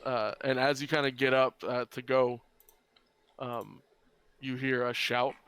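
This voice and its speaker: Brief: young male game master, mid pitch, loose chatty narration with fillers. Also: level tone, a little slow, fairly bright tone, clear, resonant tone. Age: young adult. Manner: casual, rambling with fillers.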